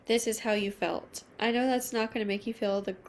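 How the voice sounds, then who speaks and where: Emotional, soft-spoken woman tarot reader. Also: fairly high pitch, steady tone, a little hiss or hum. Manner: soft, emotional, reassuring, slow at card pulls. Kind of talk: intimate tarot reading to camera.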